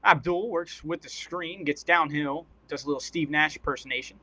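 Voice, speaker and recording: A man doing casual, excitable play-by-play commentary on a live stream, chatty and quick to laugh. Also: a little high, rough recording.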